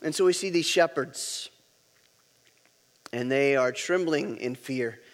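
A man's voice: mid-range voice, takes it slowly, big-room sound. A pastor preaching a sermon, emphatic and repeating key words, leading his congregation to say lines back.

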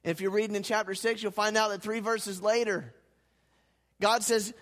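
A man preaching a sermon as pastor, dramatic, swinging from hushed lines to loud, fervent ones. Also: high voice, steady tone, normal speed. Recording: hall reverb.

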